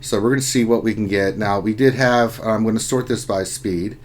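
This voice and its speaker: A man's voice: lowish voice, fairly even intonation, a little fast, a little hiss or hum. A man hosting a casual livestream chat, joking around and reading viewer comments aloud. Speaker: livestream host.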